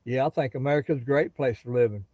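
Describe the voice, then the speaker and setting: A man's voice: medium pitch, fast, no echo. A middle-aged man from the Gulf Coast of Florida with a Southern drawl, chatting casually and folksily with viewers on a phone livestream outdoors. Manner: relaxed, folksy, talks straight to viewers. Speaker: livestream host. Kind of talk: casual live-stream chat with viewers. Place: outdoors near a pasture.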